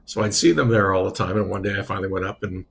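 A man chatting on a radio show, telling stories in a halting, reflective way with many restarts. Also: sits low, steady tone, vocal fry, a bit bright, slightly rough. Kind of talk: casual radio chat.

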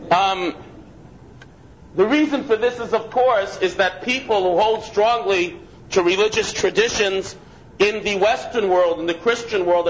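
High-voiced man giving a lecture. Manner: conversational, restarts and asides. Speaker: rabbi. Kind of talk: lecture with storytelling. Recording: dull lo-fi with faint noise.

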